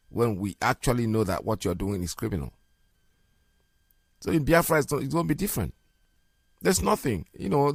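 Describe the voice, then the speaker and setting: Gravelly emphatic male radio host. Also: mid-range voice, no echo, clean studio sound. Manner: emphatic, repeats words, laughs often. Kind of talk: live radio commentary.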